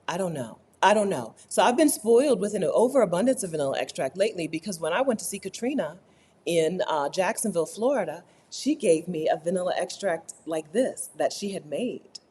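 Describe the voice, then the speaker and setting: A woman talking casually to camera in a chatty, animated way, often tagging her sentences with "right?". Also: on the low side, a little hiss or hum. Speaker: vlogger. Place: rented apartment.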